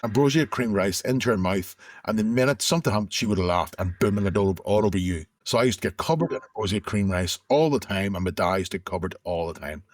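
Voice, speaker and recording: A man's voice: lowish voice, fast talker, few pauses, dry recording, clean studio sound. A middle-aged man, telling his own story as an interview guest in a reflective, conversational way with frequent restarts. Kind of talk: candid personal storytelling.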